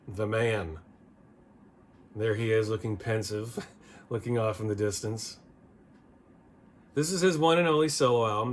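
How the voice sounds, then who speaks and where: A man's voice: mid-range voice, a bit bright, slight background noise. Man rambling through an album review. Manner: rambling, opinionated, frequent restarts. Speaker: music video host. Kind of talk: casual record review.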